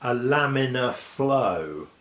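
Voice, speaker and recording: A man telling science jokes in a lively way, dropping punchlines deadpan. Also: medium pitch, slow. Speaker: host. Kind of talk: comic joke telling. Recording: echoey room with faint noise.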